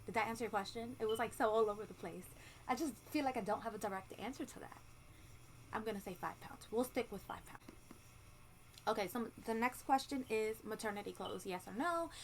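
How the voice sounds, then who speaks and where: A woman's voice: medium pitch, a bit bright, rough recording. A woman vlogging casually at home, chatting candidly with lots of ums and likes and the odd swear word. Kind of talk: casual pregnancy update vlog. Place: home room with a ceiling fan running. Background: faint ceiling fan hum.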